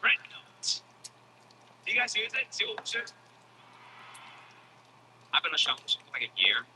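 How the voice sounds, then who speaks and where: A man telling a comic story in a casual, animated style, swearing freely and acting out other people's voices. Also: sits high, normal speed, slight background noise, rough recording. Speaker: comedian. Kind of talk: stand-up comedy storytelling.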